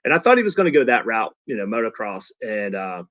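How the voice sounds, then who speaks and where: A man's voice: fairly low pitch, very animated, fast talker, a bit bright, dry recording. Middle-aged man, podcast guest, storyteller who acts out quotes; dry, dull-ish recording. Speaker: podcast guest, father of a young racer. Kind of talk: casual storytelling chat.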